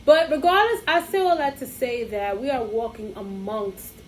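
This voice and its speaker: A woman, co-hosting a podcast, telling a story in casual chat and acting out both sides of it, animated and profane. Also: on the high side, normal speed, slight background noise, poor audio. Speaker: podcast co-host.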